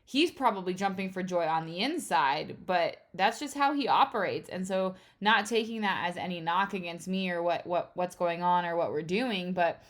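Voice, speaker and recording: A woman's voice: on the low side, moderate pace, hardly any pauses. A woman co-hosting a relationship podcast, chatting casually and expressively, often quoting herself and her husband. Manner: expressive, quotes herself with rising excitement. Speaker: podcast co-host. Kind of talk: casual conversation about relationships.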